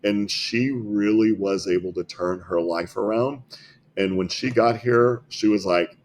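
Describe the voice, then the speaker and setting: A man with a very low voice and faint hiss behind him tells patient stories as a guest. He is earnest and often repeats a word before going on. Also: measured pace. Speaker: health clinic founder, interview guest. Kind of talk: storytelling in a podcast interview.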